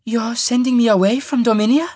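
Man putting on a soft, lilting young woman. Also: high-pitched, fairly even intonation, a little fast, no echo, clean studio sound, voice pushed up. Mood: anxious. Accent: lilting foreign lilt. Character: young woman, gentle and anxious.

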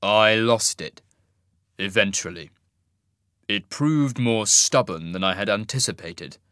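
A man voicing a weary, gaunt wizard king who speaks slowly and darkly in a storybook reading. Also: lowish voice, expressive, no room sound, studio quality. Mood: grim. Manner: slow, dark and measured.

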